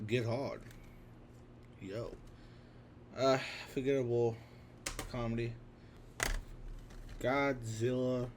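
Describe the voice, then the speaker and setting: A man's voice: medium pitch, darkish tone, a little hiss or hum. Young man rambling about his film collection. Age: 20s. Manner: rambling, offhand, with restarts and fillers. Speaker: vlogger. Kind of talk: casual commentary on a film collection.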